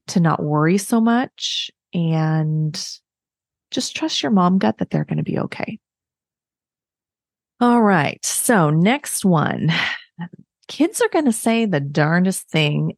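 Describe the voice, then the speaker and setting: Her voice sits fairly low, with a creaky, darkish quality, captured in clean studio sound without echo. She's a podcast host in her thirties offering chatty, frank, self-deprecating advice to other parents in a casual solo talk.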